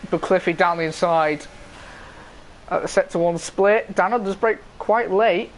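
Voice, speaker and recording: A man's voice: high-pitched, measured pace, a little hiss or hum, poor audio. A man co-commentating an online racing game, his voice straining as his throat gives out.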